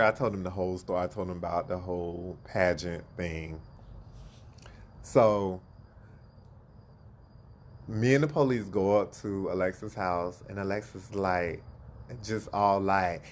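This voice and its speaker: Man, casual storytelling, animated, low voice, acts out quotes. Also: a little slow, pauses often, a little hiss or hum. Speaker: storyteller guest.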